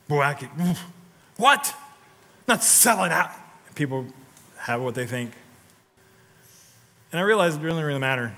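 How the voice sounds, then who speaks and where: A male pastor delivers a sermon in a bright, forceful voice pitched a little high. He tells stories animatedly, swinging from loud, punchy lines to hushed ones and prodding his congregation to answer. A long reverb from the sanctuary trails every phrase. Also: lively intonation, normal speed, pauses often. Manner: talks directly to the congregation, prodding them for responses. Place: church sanctuary.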